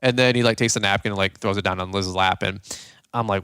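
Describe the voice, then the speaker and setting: A young man hosting a podcast, telling a funny story in a casual, animated way and acting out the voices of the people in it. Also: on the low side, fast, clean tone, dry recording, clean studio sound. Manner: animated, jokey, acts out quoted voices. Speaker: podcast host.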